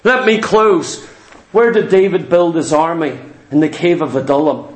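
A man preaching a sermon in an emphatic, repetitive style that at times rises to shouts. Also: on the high side, normal speed. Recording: echoey room.

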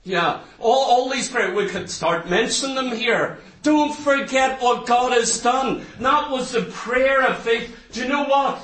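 A man's voice: very high voice, measured pace, few pauses, fairly bright tone. A man preaching a fervent sermon to his congregation, asking many rhetorical questions. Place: church hall. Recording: roomy echo, distant mic.

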